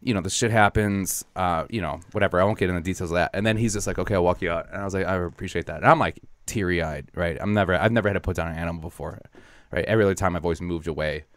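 A man's voice: sits low, rapid-fire, dry recording. A man, a comedian co-hosting a podcast, telling a story in a rambling way with lots of restarts and acted-out quotes. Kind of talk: casual podcast chat.

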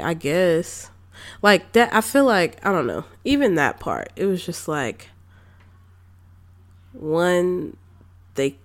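A young woman giving a casual spoken movie review, chatty and incredulous, with sassy asides. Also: low voice.

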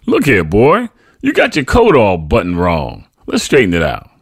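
A man voicing a loving, proud father in a memoir reading, with a husky voice. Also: on the low side, huge pitch swings, moderate pace, no room sound, clean studio sound, pitched above the performer's own voice, heavily acted. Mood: affectionate. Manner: affectionate, proud. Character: loving working-class father, proud and warm.

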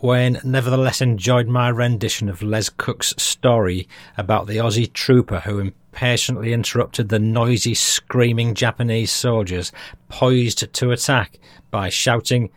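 A man's voice: mid-range voice, fairly even intonation, a little slow, dry recording. Brief: British male podcast host, chatty and self-amused, close dry mic. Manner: chatty, chuckles at his own jokes. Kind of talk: reading listener feedback.

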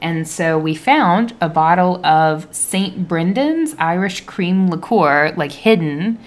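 A woman co-hosting a podcast speaks in a slightly low, easy voice. She chats casually and makes dry, sarcastic jokes. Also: animated, slow. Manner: joking, wry, sarcastic asides. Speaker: podcast co-host. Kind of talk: casual chat.

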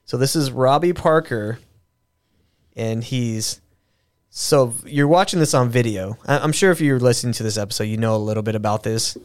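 A man's voice: mid-range voice, moderate pace, clear, resonant tone. Casual rambling male podcast host. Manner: rambling, many restarts and fillers, profane. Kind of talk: casual conversational commentary.

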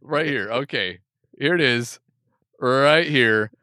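A man's voice: mid-range voice, takes it slowly, sharp tone, no room sound, studio quality. A man co-hosting a casual drink-tasting podcast, laughing often and teasing his co-host.

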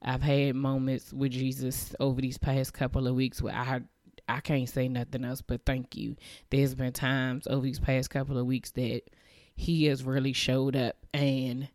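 A woman's voice: very deep voice, level tone, a little slow, a little mellow, dry recording, studio quality. A woman hosting a podcast, giving a heartfelt, emotional, faith-based message of encouragement. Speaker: podcast host.

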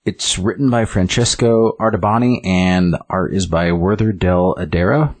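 Male comic reviewer, deep, dry close sound, rambling casual chat. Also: steady tone, moderate pace, darkish tone, dry recording. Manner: rambling, full of likes and ums.

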